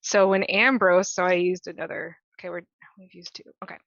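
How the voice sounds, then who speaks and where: A woman playing in a tabletop role-play, slowly describing her character's actions. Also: lowish voice, steady tone, fairly bright tone, dry recording, highs cut off. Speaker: player.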